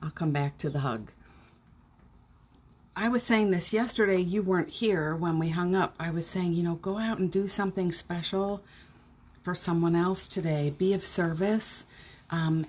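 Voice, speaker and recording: A woman's voice: fairly low pitch, a little mellow, breathy edge. A middle-aged woman hosting a casual morning live stream from home, cheerfully greeting viewers by name and chatting. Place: home indoors.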